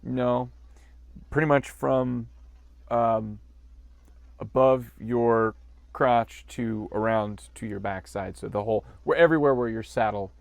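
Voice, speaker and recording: A man's voice: mid-range voice, slow, creaky, no room sound. A man co-hosting a podcast, riffing on a movie in jokey, rambling banter and laughing often. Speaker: podcast co-host.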